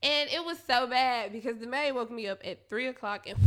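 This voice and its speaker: A young woman hosting a podcast, telling a candid, profane story in a casual monologue with quick asides to her listeners. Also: fairly high pitch, animated, bright, forceful tone. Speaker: podcast host.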